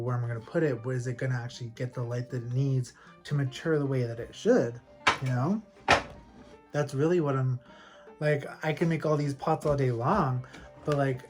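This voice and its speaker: Chatty man rambling about his plants. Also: medium pitch. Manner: rambling and animated, laughs often, lots of fillers. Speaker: plant collector vlogger. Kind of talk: casual chatty storytelling. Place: at home with houseplants.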